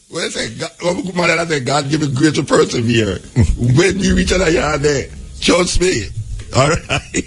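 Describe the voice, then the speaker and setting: A Jamaican man hosting a talk show, reading a legal text aloud and breaking into loose patois asides. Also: on the high side. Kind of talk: reading a law aloud with commentary.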